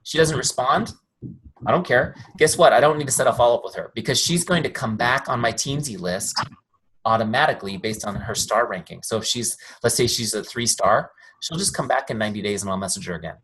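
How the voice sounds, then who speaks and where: A software founder speaks a little fast in a mid-range, slightly bright voice while leading a casual live training on a video call, with a little hiss or hum in the audio. His style is chatty and story-driven, and he keeps asking "make sense?"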